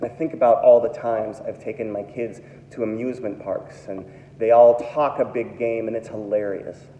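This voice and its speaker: A man's voice: fairly low pitch, fairly even intonation, moderate pace, dark tone, a little hiss or hum. A man in his thirties preaching a sermon as pastor, dramatic and acting out the voices he quotes. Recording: echoey hall, dull lo-fi sound.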